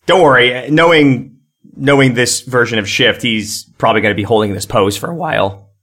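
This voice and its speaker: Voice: medium pitch, a little fast, fairly bright tone. A player chatting casually in a tabletop game, playful and laughing.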